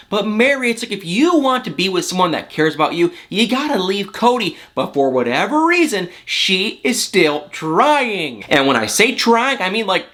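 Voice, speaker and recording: A man's voice: sits high, sharp tone. A young man hosting a casual celebrity gossip video, talking emotionally and with lots of emphasis straight to his viewers. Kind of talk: casual reality TV gossip commentary to camera.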